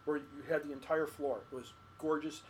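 A man's voice: fairly high pitch, steady tone, fairly quick, slight background noise, poor audio. A man co-hosting a podcast, chatting casually and telling rambling stories full of restarts. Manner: rambling storyteller, repeats and restarts. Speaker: podcast co-host. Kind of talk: casual chat.

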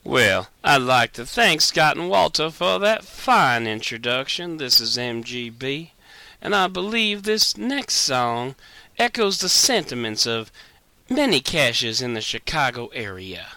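A man's voice: mid-range voice, big pitch swings, measured pace. A man singing a tongue-in-cheek parody song in a put-on Southern accent over backing music. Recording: roomy echo, distant mic, loud music.

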